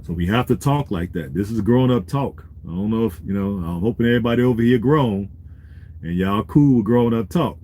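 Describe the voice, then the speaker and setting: A man's voice: on the low side, lively intonation, a little fast, darkish tone, slight background noise. A man vlogging in a laid-back, street-wise way, talking to his viewers and giving business advice. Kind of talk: casual talk to camera.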